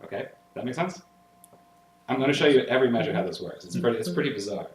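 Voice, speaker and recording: A man's voice: medium pitch, fast talker, slight background noise. A man teaching music theory in a classroom lecture, explaining passages step by step with solfege syllables and enthusiastic checks with his listeners. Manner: energetic and enthusiastic about the music. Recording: roomy echo with clear piano. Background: piano playing.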